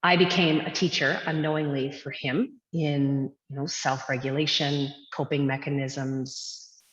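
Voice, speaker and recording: Brief: woman, 30s, yoga teacher guest, low voice, earnest, reflective, long echo, dull lo-fi audio. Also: level tone, a little slow. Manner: earnest, reflective, with frequent fillers. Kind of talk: casual interview talk. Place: her yoga studio. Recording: dull lo-fi sound with long echoey reverb.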